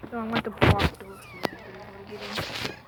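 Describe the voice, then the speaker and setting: A woman standing outdoors in the cold by a door, talking softly and apologetically to a cat on her vlog. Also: on the high side, huge pitch swings, rapid-fire. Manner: soft, pleading, apologetic. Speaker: vlogger. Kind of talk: casual talk to an animal. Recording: lo-fi phone audio with noisy outdoor background.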